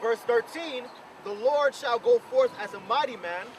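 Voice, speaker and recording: A man reading scripture aloud outdoors, slowly and deliberately. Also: extremely high pitch. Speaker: scripture reader. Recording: outdoor street with background noise, slightly off-mic.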